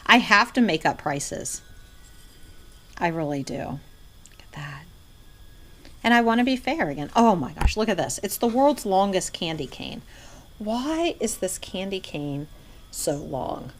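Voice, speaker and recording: A middle-aged woman reselling vintage goods, chatting casually to her viewers and often dropping into an excited hushed near-whisper. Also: medium pitch, a little slow, a little hiss or hum. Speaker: vintage reseller showing inventory. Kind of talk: casual vlog chat.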